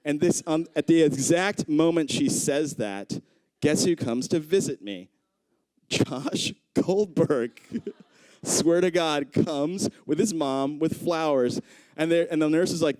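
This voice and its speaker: A man in his thirties doing live stand-up storytelling on a club stage into a handheld mic, acting out the people he quotes with big jumps in pitch. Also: a little slow, smooth, dry recording. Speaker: stand-up comedian.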